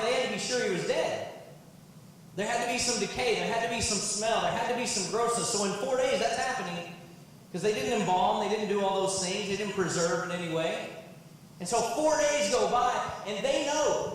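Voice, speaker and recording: A pastor giving a sermon, an excitable man whose voice jumps high when he is moved. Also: slight background noise. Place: church sanctuary. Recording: echoey church sanctuary with music. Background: band playing.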